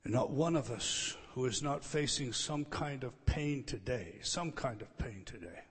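A man preaching an expository sermon, repeating key phrases with emphasis and swinging between loud declarations and hushed, quiet lines. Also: medium pitch, a little slow, slightly rough, long reverb tail. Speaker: pastor.

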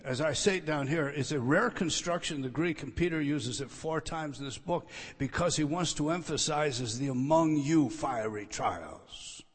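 A man preaching an expository sermon, repeating key phrases with emphasis and swinging between loud declarations and hushed, quiet lines. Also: fairly high pitch, normal speed, few pauses, husky, big-room sound. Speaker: pastor.

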